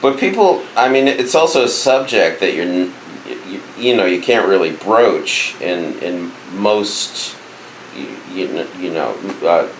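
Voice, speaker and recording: A man with a very low voice co-hosts a podcast in casual chat, halting and restarting as he searches for words. His voice rings in a roomy space with a faint hiss behind it. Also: animated. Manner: hesitant, halting, many restarts. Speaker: podcast co-host.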